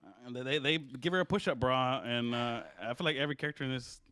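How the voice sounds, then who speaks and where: A man with a smooth, resonant voice talking through a film plot in casual podcast chat. He rambles, swears freely and keeps tagging on "right?". The sound is dry and close. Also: mid-range voice, fast, bright, forceful tone, no room sound. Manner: profane, rambling, checks in with "right?". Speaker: podcast co-host.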